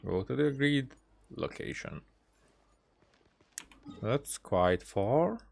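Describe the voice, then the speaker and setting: A man's voice: mid-range voice, lively intonation, slow pace, creaky. A man commentating casually over a video game, chatty and rambling. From Hungary. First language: Hungarian. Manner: chatty, rambling with fillers and restarts. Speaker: let's-play gamer.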